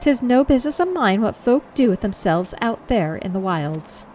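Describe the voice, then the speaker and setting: Lady reading a tired camp steward guy, grumbly, kinda high. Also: big pitch swings, normal speed, warm tone, a little hiss or hum. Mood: weary. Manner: weary grumbling, old-fashioned phrasing.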